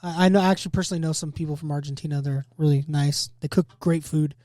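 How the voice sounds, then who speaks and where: A man's voice: on the high side, steady tone, fast, warm tone, no room sound, clean studio sound. Upbeat young man hosting a joking podcast. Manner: loose, joking, reads facts aloud. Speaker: podcast host. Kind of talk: casual chat.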